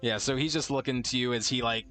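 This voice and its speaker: A man's voice: medium pitch, steady tone, fast talker, sharp tone, soft background music. A man running a tabletop game as game master, narrating casually, laughing at himself and swearing.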